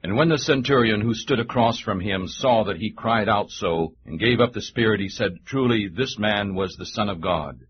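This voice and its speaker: A man reading a long scripture passage aloud in a measured, solemn way for a church radio broadcast. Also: on the low side, slightly rough, muffled recording. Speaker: scripture reader.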